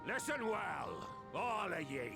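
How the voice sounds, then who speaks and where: A stern, weathered old pirate captain from a video game. He speaks slowly in old-fashioned pirate talk, his gravelly voice swinging widely in pitch. Game music plays clearly behind him. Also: big pitch swings, heavily acted. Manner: old-fashioned pirate speech, booming lectures.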